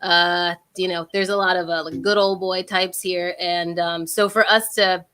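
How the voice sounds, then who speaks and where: A woman's voice: lowish voice, steady tone, measured pace, pushed and bright, clean tone. A young woman in a casual panel discussion, speaking hesitantly with many fillers and restarts.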